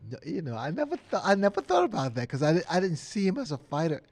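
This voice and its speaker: A man in his sixties, a guest in a casual interview, telling stories with lively acted-out quotes and frequent laughs. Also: high voice, fast, dry recording. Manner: animated storyteller, acts out quotes, laughs often.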